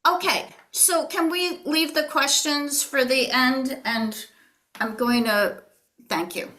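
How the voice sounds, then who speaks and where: A woman instructor giving calm, breathy step-by-step movement cues in an online class. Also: sits high, slow. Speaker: yoga and tai chi instructor. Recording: roomy, distant online-class audio.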